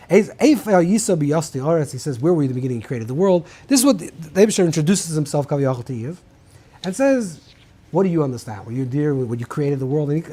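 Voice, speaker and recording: A man's voice: fairly high pitch, dark tone, husky. A man teaching a rabbinical class in an informal lecture style, thinking aloud with many restarts and mixing Hebrew terms into English.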